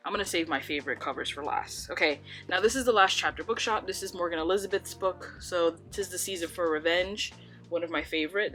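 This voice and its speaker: A woman's voice: fairly low pitch, a bit bright. A young woman chatting casually about books at home, rambling with lots of "like"s. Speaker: book vlogger. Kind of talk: casual chat.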